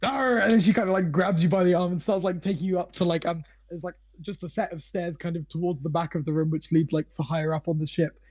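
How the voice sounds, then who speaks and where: A man narrating a tabletop game as game master, rambling with lots of fillers, swearing and frequent laughter, his voice slightly hoarse. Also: fairly high pitch, steady tone, fast talker, hardly any pauses, a little mellow.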